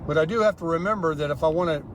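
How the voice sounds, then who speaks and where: A man's voice: fairly high pitch, racing, slight background noise. A man casually vlogging while driving in his car, offhand and rambling. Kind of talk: casual vlog talk.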